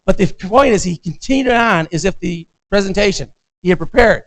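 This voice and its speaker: A man's voice: high-pitched, expressive, a little fast, a bit bright, poor audio. Chatty American man lecturing. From United States. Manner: conversational, keeps checking in with "all right?". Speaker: visiting professor.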